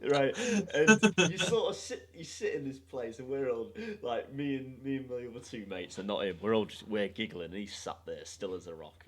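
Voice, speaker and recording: A young man hosting a podcast, telling a story in a sweary, animated way and laughing along. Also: mid-range voice, moderate pace, hardly any pauses. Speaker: podcast host. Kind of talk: casual storytelling chat.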